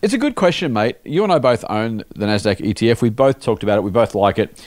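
Lively man hosting a podcast. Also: lowish voice, quick pace, dry recording. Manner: jokey, conversational, lots of fillers. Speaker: podcast host. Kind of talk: casual podcast chat reading listener mail.

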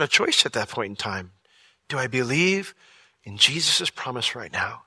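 A man preaches a sermon with a very bright, cutting tone. The recording is dry and close. He gets animated and slips into raised comic voices when he acts out dialogue. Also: medium pitch, normal speed, slightly rough, no room sound. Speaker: pastor.

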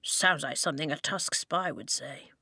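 A woman's voice: moderate pace, vocal fry, sharp tone, husky, no echo, studio quality, full character voice. A woman voicing a suspicious, grumpy boy twin who mutters and sputters. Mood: muttering. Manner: low muttering, then sputtering outrage.

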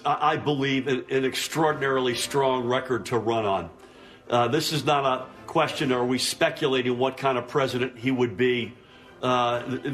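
A man's voice: medium pitch, fairly bright tone. A man speaking as a governor in a TV interview clip, earnest and emphatic, with many small restarts. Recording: clip played on the radio.

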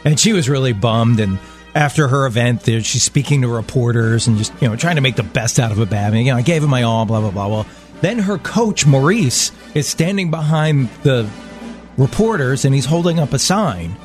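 A man's voice: mid-range voice, lively intonation, moderate pace, faint music behind. A man co-hosting a radio show, telling stories animatedly in casual chat and acting out the quoted voices. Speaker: radio co-host.

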